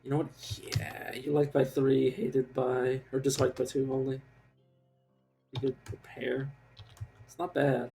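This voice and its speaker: A man's voice: mid-range voice, flat delivery, unhurried, creaky, mellow, faint music behind. A man streaming a game live, rambling casually and mocking himself as he plays, swearing now and then. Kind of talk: casual gameplay commentary.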